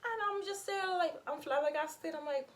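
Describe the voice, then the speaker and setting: A woman's voice: high-pitched, normal speed. A young adult woman in a casual storytime vlog, telling her story candidly and expressively, with lots of fillers and swearing. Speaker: vlogger.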